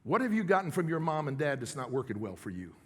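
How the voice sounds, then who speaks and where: Preaching quickly with big pitch swings, a middle-aged pastor uses a husky voice that sits slightly high for a man. His sermon is plain and conversational, with regular check-ins with the crowd, and the large sanctuary leaves a long reverb behind each phrase.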